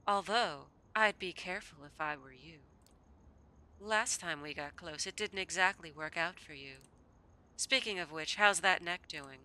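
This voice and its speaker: A woman's voice: lowish voice, a little slow, sharp tone. A woman voicing a flirty, taunting female vampire in a game, with a teasing drawl that turns Southern at times.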